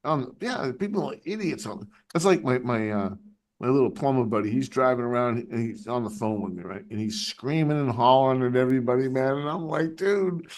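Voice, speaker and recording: A man hosting a live stream, chatting casually and telling animated stories, swearing constantly. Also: medium pitch, fairly quick. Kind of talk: casual chat, storytelling.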